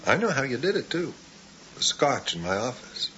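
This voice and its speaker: An actor playing a confused, paranoid middle-aged patient who talks in halting, drowsy fragments that turn suspicious. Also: male voice, mid-range voice, very animated, fairly bright tone, slight background noise. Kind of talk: television drama acting. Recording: dull, slightly muffled TV soundtrack.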